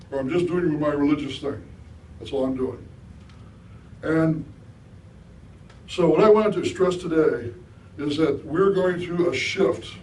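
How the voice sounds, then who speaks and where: A middle-aged man with a fairly high, darkish voice speaks as a guest at a hall with a live audience, giving a conversational spiritual talk full of questions for the listeners. The mic is at a distance, the room echoes, and there's slight background noise.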